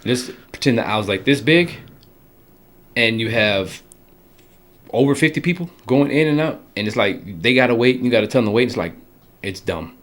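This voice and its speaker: A man's voice: medium pitch, moderate pace. A young man co-hosting a podcast, telling a story casually and acting out the people he quotes. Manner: animated storyteller, acts out quoted voices. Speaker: podcast co-host.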